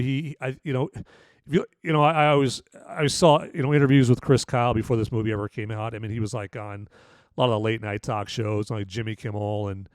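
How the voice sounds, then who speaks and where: A man's voice: medium pitch, darkish tone, no room sound, clean studio sound. A man hosting a podcast and casually reviewing a film, rambling with many restarts. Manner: rambling, full of "you know" and restarts. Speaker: podcast host and movie reviewer.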